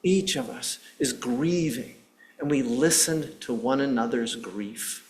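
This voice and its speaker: A man telling a story puts on a grieving mother, quiet and steady, who speaks with gentle firmness. She keeps her voice low and even, her words measured and soft. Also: close to an everyday voice. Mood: calm, grave. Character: grieving middle-aged mother, calm and firm.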